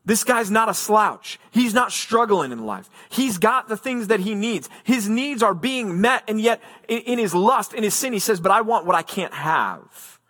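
Man, pastor, sermon, high-pitched voice, earnest, emphatic, scripture reading. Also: lively intonation, moderate pace, few pauses, fairly bright tone. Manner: expository preaching, reads scripture then explains it.

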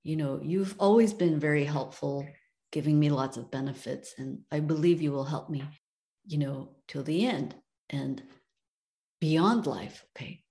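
Woman as a failing rich old man in a told story, pleading, slow and low. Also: mellow. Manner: pleading, wistful. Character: aging sick wealthy man, pleading.

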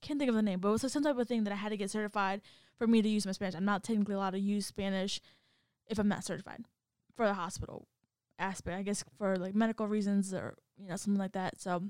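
A woman chats casually, telling a story with animated energy and putting on voices for the people in it. Her tone is smooth and clear. The sound is dry and close, with no room around it. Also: mid-range voice, fast, dry recording. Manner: animated storytelling, acts out quoted voices, laughs often. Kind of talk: casual chat.

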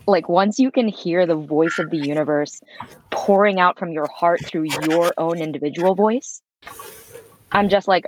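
A woman voice coach, appearing as a guest in an interview, speaks earnestly and reflectively with a spiritual bent, expressive and laughing fully. Her voice is on the low side at a moderate pace, and the audio quality is poor.

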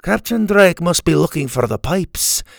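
A man's voice: on the high side, lively intonation, normal speed, gravelly, no room sound, studio quality, voice pushed up. A man voicing a knowledgeable young friend who explains history in a children's story. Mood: explaining. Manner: explanatory, informative.

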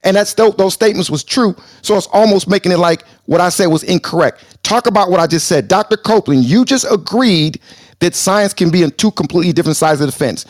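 A man co-hosting a live talk show, arguing loudly and combatively, then calming himself down on purpose. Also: sits high, fairly quick, no echo, studio quality. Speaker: show co-host.

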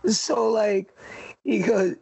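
A man co-hosting a movie podcast in casual chat, profane and animated, acting out quotes from the film. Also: high voice, extremely slow, gravelly, husky. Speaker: podcast co-host.

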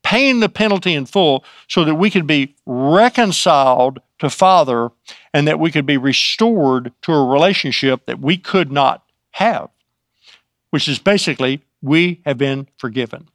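A man's voice: fairly high pitch, expressive, a little slow, fairly bright tone, no echo, clean studio sound. A man preaching a sermon, reading scripture aloud and then explaining it in a conversational way with frequent restarts. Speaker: pastor.

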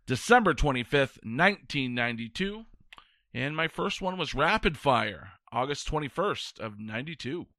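A man's voice: mid-range voice, expressive, moderate pace, pushed and bright, dry recording, studio quality. A man competing on a retro game show podcast, explaining his picks in an easygoing way. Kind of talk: casual podcast banter.

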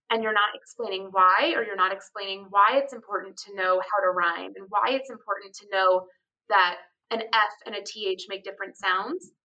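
A woman speech-language pathologist explaining teaching strategies clearly on a podcast. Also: mid-range voice, pushed and bright, distant mic, muffled recording.

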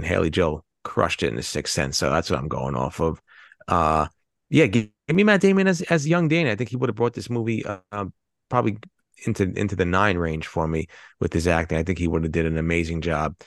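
A man co-hosting a casual movie podcast, animated and teasing, with a lot of swearing. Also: deep voice, gravelly, no echo, clean studio sound. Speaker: podcast co-host. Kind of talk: casual chat.

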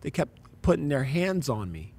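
A man's voice: on the high side, big pitch swings, normal speed, creaky, a little mellow, breathy edge. A man, a pastor, telling a personal story in casual conversation, acting out quoted voices and using slang.

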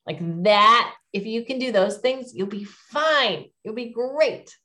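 A woman's voice: on the high side, takes it slowly, sharp tone. A middle-aged woman giving public speaking advice as an interview guest, in an encouraging, emphatic coaching tone.

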